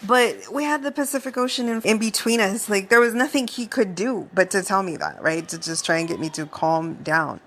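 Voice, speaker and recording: A young adult woman hosting a podcast, telling a personal story in a casual, animated way, swearing now and then and laughing through it. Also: mid-range voice, moderate pace, few pauses. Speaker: podcast host.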